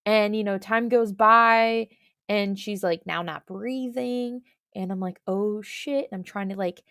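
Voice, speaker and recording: A woman's voice: mid-range voice, steady tone, a little slow, fairly bright tone, no echo, studio quality. A woman co-hosting a podcast, telling a story casually and rambling with many filler words. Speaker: podcast co-host.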